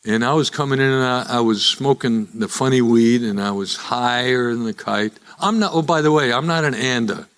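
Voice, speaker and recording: Joking older man telling his story. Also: mid-range voice. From Chicago. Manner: wry, joking storyteller who chuckles at his own punchlines. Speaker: guest speaker at a recovery meeting. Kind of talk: live storytelling talk to an audience.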